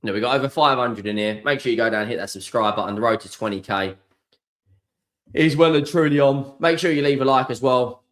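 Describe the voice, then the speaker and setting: A man's voice: medium pitch, a little fast, fairly bright tone. A man hosting a live football watchalong stream, ranting in exasperation and swearing freely.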